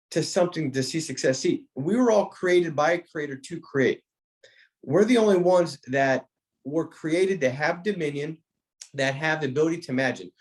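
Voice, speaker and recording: A man's voice: on the high side, darkish tone. A man giving a motivational talk to sales agents, with an emphatic, preacher-like cadence, repeating phrases and restarting his sentences. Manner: frequent restarts, speaks directly to a listener by name. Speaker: insurance sales trainer.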